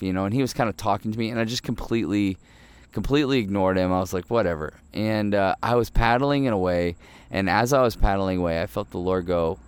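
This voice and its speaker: Earnest low-voiced man, smooth and dry. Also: no echo. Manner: relaxed, earnest, storytelling with fillers. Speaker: podcast host. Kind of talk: devotional podcast talk.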